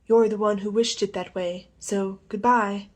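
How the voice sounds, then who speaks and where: A woman's voice: mid-range voice, fairly even intonation, unhurried, a little mellow, natural voice. A woman voicing a tearful young woman who speaks in a pitiful voice, in an audiobook reading. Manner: pitiful, sobbing.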